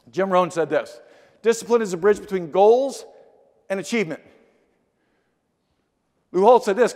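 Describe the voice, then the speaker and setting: A middle-aged man giving an energetic motivational keynote speech in a large conference hall, telling stories and acting out the dialogue. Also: high voice. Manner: energetic, storytelling with acted-out dialogue. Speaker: keynote speaker. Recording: long hall reverb.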